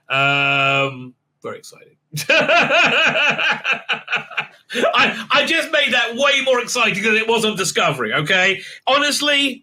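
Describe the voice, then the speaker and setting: A man's voice: sits high, bright, forceful tone. A man giving a casual, sarcastic recap of a TV episode, mocking the scenes and stumbling through lots of fillers and restarts. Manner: mocking, acts out scenes with put-on voices; halting, many fillers and restarts. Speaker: show reviewer.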